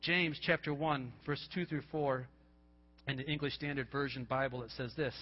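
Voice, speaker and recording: A man's voice: medium pitch, normal speed, husky, muffled recording, faint music behind. A man preaching a sermon as pastor, earnest and emphatic, repeating himself and asking the congregation questions.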